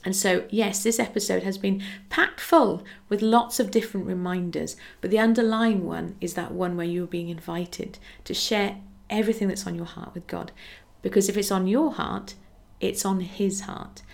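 Gravelly-voiced woman hosting a faith podcast. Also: mid-range voice, fairly even intonation, moderate pace. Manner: earnest and encouraging, acts out little dialogues. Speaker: podcast host. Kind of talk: casual devotional podcast talk.

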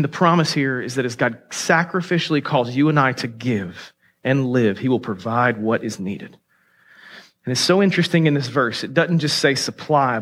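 High-pitched guy preaching, middle-aged pastor, emphatic, chatty storytelling asides. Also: fairly bright tone. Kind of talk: sermon.

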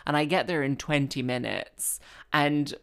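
A woman's voice: low-pitched, steady tone, measured pace, gravelly, fairly bright tone, smooth. A woman, a musician telling a rambling comic story, full of fillers and exasperation.

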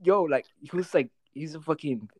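A young man telling a childhood story in quick, casual, profane slang full of fillers. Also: fairly high pitch, no echo.

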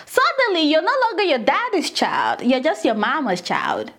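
A woman preaching a casual sermon in an animated, chatty way, addressing her listeners directly. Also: high voice, moderate pace.

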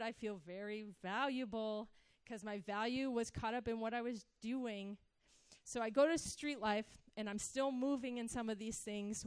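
A woman's voice: on the high side, clean tone, no echo. A woman giving a personal testimony in sermon style, telling her story with animation and acting out her younger self.

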